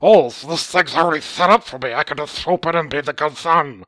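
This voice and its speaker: A smug grown son who drags every word out slowly and tediously, as a man mimics him in a story. Slightly raised pitch, dry sound. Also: bright, forceful tone, dry recording. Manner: annoyingly slow, drawn-out speech. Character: slow-talking, smug middle-aged son.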